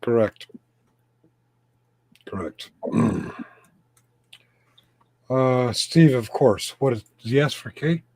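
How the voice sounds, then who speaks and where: A man's voice: medium pitch, slow pace, long pauses, darkish tone, no echo. A man hosting a casual live-stream chat, joking and chuckling, with a voice he says is going. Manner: joking, chuckling, throat-clearing. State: losing his voice. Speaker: host of a live chat show.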